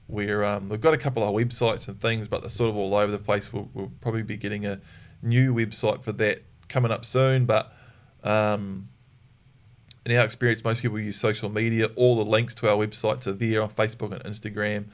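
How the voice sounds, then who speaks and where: A man, a dog trainer answering listener questions in a live podcast Q&A and acting out sharp commands to a dog. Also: fairly low pitch, level tone, fairly quick. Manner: demonstrates sharp corrective commands.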